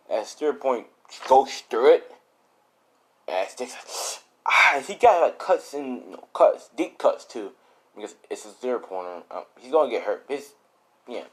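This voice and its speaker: A man spinning an improvised fan story off the cuff, rambling from point to point and leaning heavily on fillers. His pitch swings around a lot as he talks.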